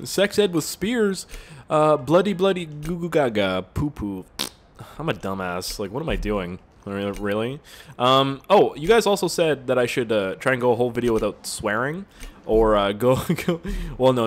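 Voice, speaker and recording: Young male gaming YouTuber: animated delivery, crude and sweary humor, rambling asides. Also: medium pitch. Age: 20s. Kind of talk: gameplay commentary.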